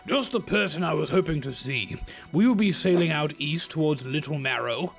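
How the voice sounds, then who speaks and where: A man's voice: a little high, lively intonation, moderate pace, vocal fry, soft background music. A man voicing the town mayor of a video game in a sing-song, jokey way. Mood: mock-polite.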